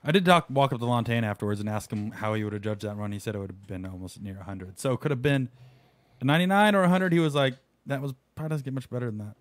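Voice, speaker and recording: Quick chatty guy on a podcast, rattles it off fast, dry room. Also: mid-range voice, lively intonation, dry recording. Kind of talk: casual podcast chat.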